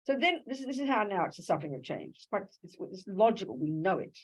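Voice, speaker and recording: An Australian woman teaching Buddhism to a live audience in a lively, conversational way, often asking rhetorical questions. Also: mid-range voice, fast talker, breathy edge, low-quality recording. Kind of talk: dharma talk to a live audience.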